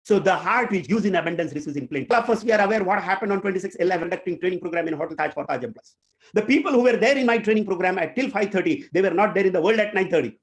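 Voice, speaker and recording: A man with an Indian English accent speaks in a high, animated, rapid-fire voice. He's a corporate trainer telling a motivational story straight to his audience.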